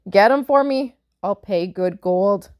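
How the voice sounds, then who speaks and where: A woman voicing a very old, toothless male giant, speaking slowly and loudly with a gruff, drawn-out manner. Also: animated, dull audio, natural voice. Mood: roaring. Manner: slow, booming, drawn-out delivery.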